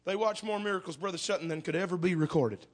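A man's voice: sits high, fast. A man preaching a sermon at a church service, impassioned and repeating words as he builds.

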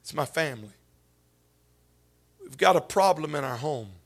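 A man preaching a sermon as pastor, swinging from hushed whispers up to shouted, tearful peaks. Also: fairly high pitch, animated, normal speed.

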